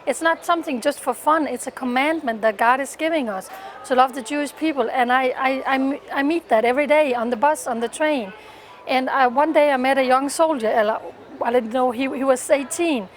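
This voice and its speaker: High-voiced fervent woman. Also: a little fast. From Denmark. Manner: fervent and earnest, with frequent restarts and repeated words. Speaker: interviewee, pro-Israel activist. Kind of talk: personal testimony in an interview.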